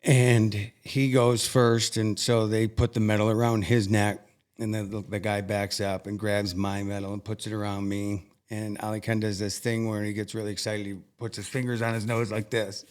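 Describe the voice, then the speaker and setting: A young man earnestly recounting a personal story as an interview guest, halting and emotional at times. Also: fairly low pitch, level tone, darkish tone.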